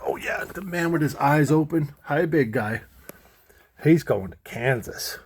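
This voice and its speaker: Man cooing gently at puppies. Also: on the high side, animated, unhurried, breathy edge. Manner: fond baby talk to puppies. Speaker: dog breeder. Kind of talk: casual video update.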